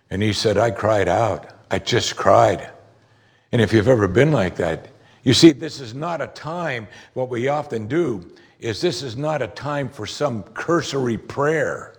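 Male pastor, husky voice, mid pitch, earnest sermon delivery with emphatic peaks. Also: animated, measured pace. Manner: earnest preaching, rising to emphatic outbursts.

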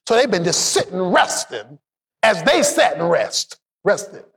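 A pastor preaching a sermon, swinging between shouted, emphatic peaks and low asides, and having the congregation repeat his lines back. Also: big pitch swings, unhurried, slightly rough. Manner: call-and-response, has the congregation repeat lines.

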